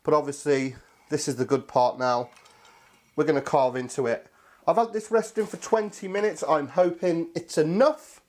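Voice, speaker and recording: A man's voice: a little high, fairly even intonation, moderate pace, a little mellow. A man hosting a casual cooking video, chatty and enthusiastic, talking to viewers as his friends. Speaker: cooking channel host.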